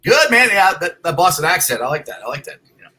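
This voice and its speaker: A man hosting a casual sports talk show from a home computer, loud and excitable, rambling with restarts. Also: fairly high pitch, fast talker, breathy edge, poor audio. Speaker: podcast host. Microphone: computer mic.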